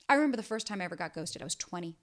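A woman's voice: lowish voice, animated, rapid-fire. A woman in her thirties hosting a casual solo podcast, talking bluntly and emphatically and swearing freely. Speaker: podcast host and dating coach.

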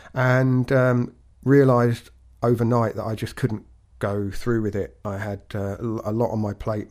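A man co-hosting a podcast, talking in a measured, reflective way with frequent restarts. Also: medium pitch, darkish tone. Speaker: podcast co-host.

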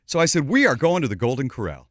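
A man's voice: medium pitch, very animated, fast talker, no echo, clean studio sound. A man hosting a radio show, telling a story in a casual way and acting out other people's voices. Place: radio studio.

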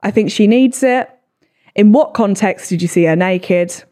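A woman in her twenties with a low voice, hosting a solo podcast and reading comments with sarcastic, sweary, self-deprecating chat. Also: a little slow, dark tone. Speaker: podcast host.

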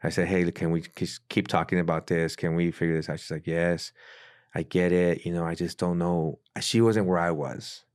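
A pastor as a guest on a podcast, telling his life story in an earnest, casual way, dropping to a hush when he quotes what people said. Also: low voice, level tone, normal speed, no echo, clean studio sound. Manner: earnest storyteller who acts out quoted dialogue in a hushed voice. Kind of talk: casual testimony in a podcast interview.

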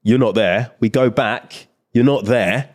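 A man's voice: mid-range voice, a little slow, darkish tone. A young man, co-hosting a podcast and telling a story in casual chat, swearing freely. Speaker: podcast co-host.

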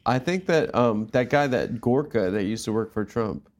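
A man's voice: medium pitch, expressive, moderate pace. A man co-hosting a podcast, laid-back in casual comedy chat, chiming in with short jokes and agreement. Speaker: podcast co-host.

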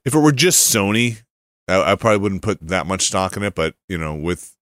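Male co-host, low but very animated voice, chatty and hedging, dry studio sound. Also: fairly quick, no room sound. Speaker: podcast co-host. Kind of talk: casual chat.

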